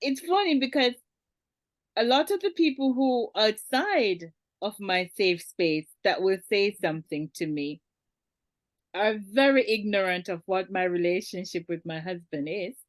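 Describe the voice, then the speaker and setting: A woman speaking as a guest in a candid conversation, reflective and measured, with wry laughter. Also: mid-range voice, no room sound.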